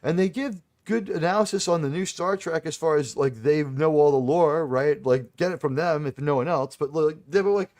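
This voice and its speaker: A man with a New York accent, faintly shaded by Boston, hosts a casual live stream and rambles effusively through fillers and false starts. His voice sits a little high for a man. The sound is close and dry, with almost no room. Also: moderate pace, hardly any pauses, a little mellow, no echo. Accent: New York, slightly Boston-tinged. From New York City. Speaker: host of a live watch-party panel stream.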